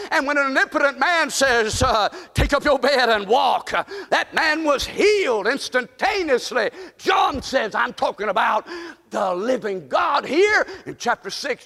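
A man preaching a fervent sermon, often shouting and calling the congregation to repeat after him. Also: very high-pitched. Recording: long reverb in a large hall.

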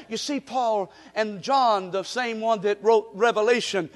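A pastor delivering a fervent sermon, often breaking into shouts. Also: male voice, high-pitched, unhurried, few pauses. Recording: long reverb of a large hall.

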